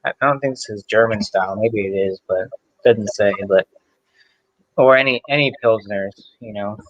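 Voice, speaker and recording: A man's voice: lowish voice, normal speed, no echo, muffled recording. A man tasting beer and describing it in a rambling, casual way as a guest on a video call.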